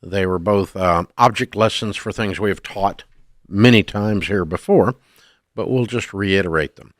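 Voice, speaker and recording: A man's voice: low-pitched, a little slow, dry recording, clean studio sound. A middle-aged man hosting a call-in radio advice show, speaking bluntly and emphatically and scolding bad choices.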